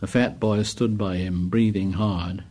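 A man narrating an audiobook in a measured, descriptive way. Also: on the low side, steady tone, mellow.

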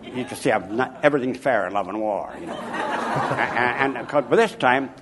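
An older man from Chicago, an author interviewed about his life, telling anecdotes in an emphatic, animated way. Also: medium pitch, a little fast, crowd noise, noisy background. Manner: animated, emphatic, chuckling raconteur. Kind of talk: anecdotal storytelling.

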